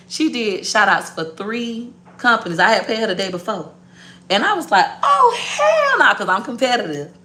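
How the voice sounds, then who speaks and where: A woman business owner telling a story to her viewers in a blunt, profane, animated way. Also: mid-range voice.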